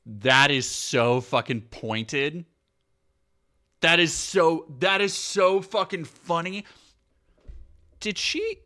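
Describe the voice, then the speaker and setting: Animated sarcastic male streamer. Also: fairly high pitch, slow pace, long pauses. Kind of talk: casual commentary on clips.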